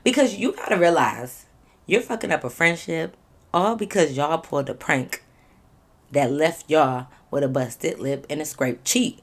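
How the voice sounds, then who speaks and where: Lowish-voiced woman doing a storytime vlog, blunt and animated, swearing a lot, repeats stuff, asks viewers what they think. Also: normal speed, slightly rough. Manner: talks straight to viewers, asking them questions. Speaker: vlogger telling a story.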